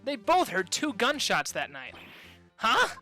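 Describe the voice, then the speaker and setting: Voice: medium pitch, huge pitch swings, unhurried, sharp tone, soft background music, heavily acted. A streamer voicing a nervous, easily exasperated young male defense lawyer.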